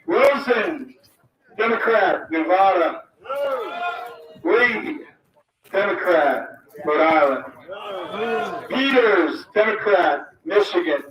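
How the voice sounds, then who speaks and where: Man reading names to a loud crowd. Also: sits high, expressive, slow pace, pauses often. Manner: emphatic, calls out lines; apologetic about mispronouncing. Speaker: rally speaker. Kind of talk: reading a list aloud to a crowd. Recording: roomy, distant mic, loud crowd.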